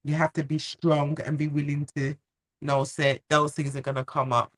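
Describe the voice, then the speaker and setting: A woman's voice: sits low, little pitch movement, moderate pace. A woman co-hosting a casual live stream chat, speaking frankly and earnestly and laughing easily. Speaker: co-host.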